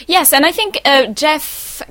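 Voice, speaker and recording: A woman's voice: sits high, lively intonation, slow, fairly bright tone, no room sound. A young woman co-hosting a podcast, talking in a thoughtful, chatty way with fillers and small self-corrections. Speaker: podcast co-host. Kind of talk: casual chat.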